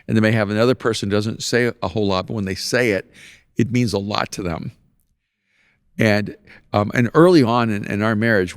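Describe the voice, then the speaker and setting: A low, gravelly male podcast host chatting casually and telling lively stories, often breaking into laughter at his own anecdotes. He is recorded close and dry on a podcast mic. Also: dry recording. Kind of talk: casual conversation.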